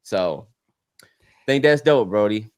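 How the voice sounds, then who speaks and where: A man co-hosting a podcast in casual chat, animated and heartfelt, swearing freely and getting teary. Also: fairly low pitch, slow pace, clear, resonant tone. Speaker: podcast co-host.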